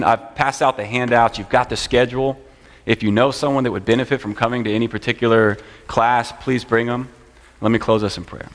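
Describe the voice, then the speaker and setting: A man teaching a church class, speaking in an earnest, conversational way and often repeating phrases. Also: fairly low pitch. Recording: long church hall reverb.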